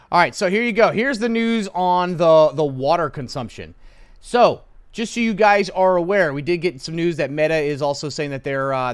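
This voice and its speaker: A man's voice: a little high, clear, resonant tone. A man hosting a live stock trading stream, chatting to viewers in a brash, mocking way and muttering to himself now and then. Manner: brash, mocking, talks to chat; muttering to himself while writing.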